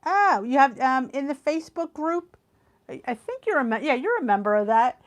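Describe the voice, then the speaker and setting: High-pitched and expressive at a normal speed, this middle-aged Philadelphia-area woman hosts a live stream for her weight loss channel. She chats with viewers in her Philly accent and laughs frequently.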